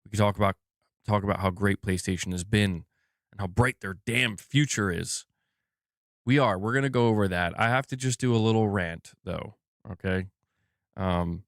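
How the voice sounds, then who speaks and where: A man's voice: on the low side, dry recording, clean studio sound. A man hosting a live gaming news stream, talking casually and ranting candidly, swearing freely. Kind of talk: casual livestream talk.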